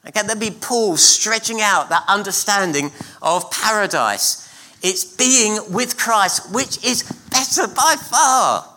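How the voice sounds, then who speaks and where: A middle-aged man preaching a sermon in church, emphatic and repeating key phrases with pauses between them. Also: high voice, very animated, bright, forceful tone. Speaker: pastor.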